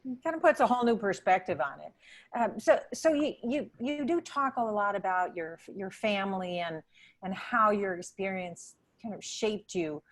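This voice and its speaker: A woman with a medium-pitched, animated voice interviews an author over a video call at a normal speed. She is a congresswoman, and her long questions are full of restarts and repeated words.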